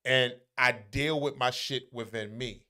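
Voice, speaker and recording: A man's voice: medium pitch, steady tone, unhurried, sharp tone. A man talking casually, blunt and profane, with emphatic, brash delivery. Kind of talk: casual chat.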